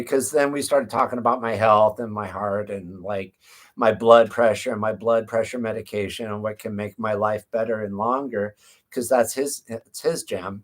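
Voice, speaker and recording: Guy therapist rambling through a story on a livestream, chatty, lots of restarts. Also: mid-range voice. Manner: rambling and conversational, with frequent restarts. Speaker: therapist running a practice. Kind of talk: casual live-stream storytelling.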